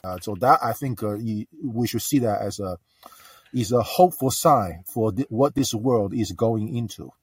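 A man calling in to a talk show, speaking earnestly and haltingly, with many pauses and fillers. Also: fairly low pitch, husky, no room sound, far from the mic. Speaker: caller. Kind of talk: casual call-in talk.

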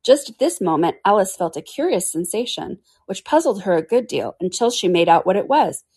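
Brief: woman storyteller, breathy-husky tone, steady read-aloud. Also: medium pitch, fairly quick. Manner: clears throat now and then. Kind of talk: reading a classic storybook aloud.

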